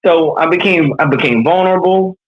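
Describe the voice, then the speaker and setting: A man's voice: a little high, fairly quick, dull audio. A man from New York, a leadership coach, talking candidly and earnestly in an interview, telling personal stories with energy. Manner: earnest, animated storytelling.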